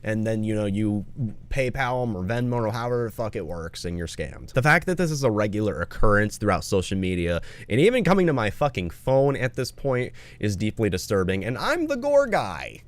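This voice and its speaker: A man's voice: lowish voice, expressive, a little fast, no echo. A man making a commentary video, appealing earnestly to viewers and swearing often. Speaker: video creator.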